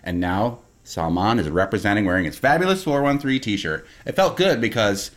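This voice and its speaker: A man's voice: lowish voice, normal speed. A man hosting a public radio talk show, playful and chatty with his guest. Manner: lively, playful. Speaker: radio host.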